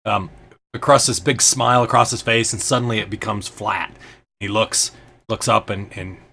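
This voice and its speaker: Gravelly, bright-voiced man running a tabletop game. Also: on the low side, steady tone, normal speed. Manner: loose and hesitant, full of ums and kinda. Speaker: game master.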